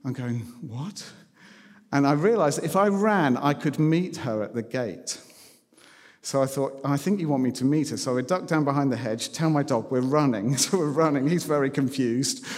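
A man's voice: medium pitch, normal speed, a little mellow. A man telling personal stories in a sermon, conversational and self-deprecating. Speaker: preacher. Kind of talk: sermon storytelling. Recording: long reverb in a hall.

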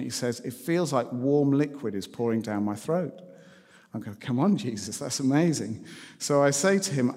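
In a hall with long reverb, a male preacher shares personal stories during his sermon in a chatty, self-deprecating manner. His voice is mid-range and somewhat dark.

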